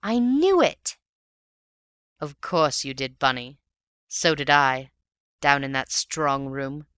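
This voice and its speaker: A man narrating a story aloud in a measured storytelling manner. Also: mid-range voice, level tone, pushed and bright, smooth, no echo, clean studio sound. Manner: measured storytelling, addressing a friend. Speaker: audiobook reader.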